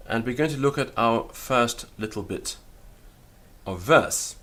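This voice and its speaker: A man teaching Latin in a lecture, deliberate and careful, sounding out syllables one by one. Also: mid-range voice, fairly bright tone. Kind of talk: spoken lecture.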